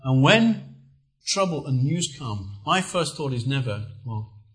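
A man's voice: medium pitch, measured pace, poor audio. Man preaching earnest sermon. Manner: earnest storytelling with lively emphasis.

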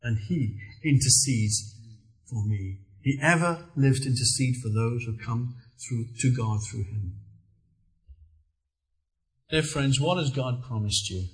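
A middle-aged man preaching a sermon, telling personal stories with earnest, lively emphasis. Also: mid-range voice, unhurried, poor audio.

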